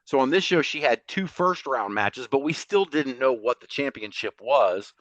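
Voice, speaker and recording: A man co-hosting a podcast, recapping a show in a casual, animated storytelling way and laughing often. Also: mid-range voice, normal speed, no room sound. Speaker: podcast co-host.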